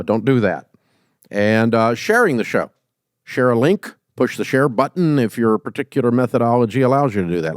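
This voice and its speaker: A man's voice: mid-range voice, a little mellow, dry recording. A middle-aged man hosting a call-in business advice show, blunt and folksy with jokes. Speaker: podcast host. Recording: dry studio sound.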